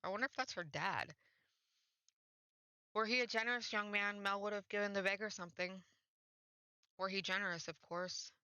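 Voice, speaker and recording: A woman streamer reading a visual novel aloud with expressive narration, dropping in quick reactions of her own. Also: medium pitch, no room sound. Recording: dull, slightly muffled dry recording.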